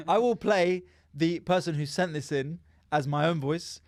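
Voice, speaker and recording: A man's voice: a little high, slow, a little mellow, no room sound, studio quality. A man hosting a casual podcast, reading listener texts aloud and chatting. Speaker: podcast host.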